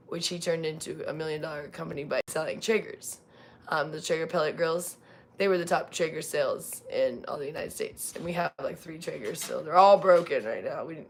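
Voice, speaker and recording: A woman's voice: sits low, gravelly, a little hiss or hum. A woman from California chatting casually on a live stream, rambling with many fillers and restarts. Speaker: livestream host.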